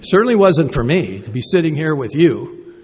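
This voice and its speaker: This man's voice is a little high, sing-song and slightly mellow with a breathy edge, at normal speed. Speaking from a podium in an echoing conference hall at a recovery meeting, he tells his personal story in a conversational, self-deprecating manner, full of rhetorical questions.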